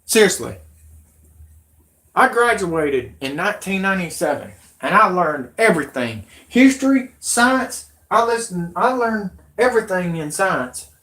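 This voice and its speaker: A man's voice: high voice, sing-song, measured pace. Rambling, agitated man ranting on a stream. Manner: agitated, rambling, rising into shouty outbursts. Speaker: live-stream host. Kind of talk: rambling live-stream rant.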